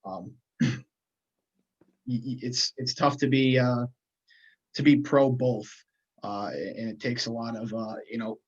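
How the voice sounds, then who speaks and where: A man at an ordinary middle pitch on a somewhat dull, lo-fi recording. He talks through economic questions earnestly as a podcast co-host, often stalling on restarts and fillers. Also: slow pace, pauses often, slightly rough. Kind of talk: casual economics chat.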